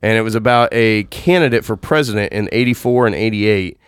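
A man's voice: lowish voice, fairly quick, smooth, dry recording, clean studio sound. A man in casual conversation about movies, rambling and correcting himself as he goes.

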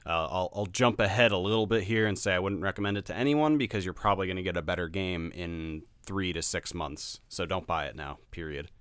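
Low-voiced guy ranting about a buggy game, crisp and dry sound, swears a lot. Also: brisk, few pauses, a bit bright, no echo. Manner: laughing, blunt, swears freely. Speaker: game reviewer. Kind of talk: casual podcast chat.

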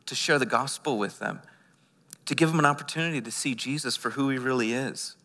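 A male pastor preaches passionately, his delivery swinging between loud and hushed, and he often stumbles and repeats words. His voice is medium in pitch, with a long reverb tail.

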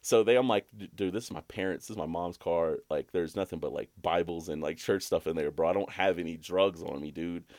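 A young man co-hosting a podcast, telling a long, rambling story full of swearing, and jumping to a high voice when he quotes himself. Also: fairly quick, few pauses, a little mellow, dry recording, studio quality. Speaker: podcast co-host. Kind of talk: casual storytelling chat.

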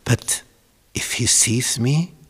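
A man voicing a timid young man, Jacob, who stammers nervously in a raised, high-pitched voice. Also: slow, breathy edge, in a large hall. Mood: anxious. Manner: nervous and hesitant.

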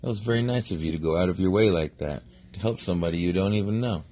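A man voicing a big, courteous father rubber duck in a bedtime story, booming and earnest. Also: quick pace, mellow. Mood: grateful.

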